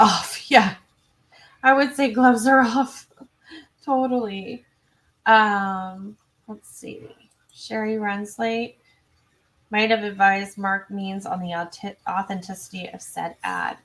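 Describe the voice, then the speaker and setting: A woman hosting a true crime livestream, chatty and self-interrupting, reading viewer comments and adding quick asides. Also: medium pitch. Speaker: true crime channel host. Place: home.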